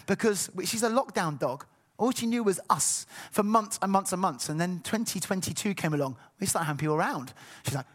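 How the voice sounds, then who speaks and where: A middle-aged man preaching a sermon, telling personal stories with animated, acted-out dialogue. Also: high voice, fast talker. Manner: animated storytelling, acts out voices.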